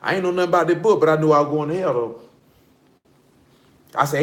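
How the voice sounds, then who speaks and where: A man preaching a sermon in a blunt, animated street style, mixing scripture reading with slang. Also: on the high side, fast talker, long pauses. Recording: echoey room.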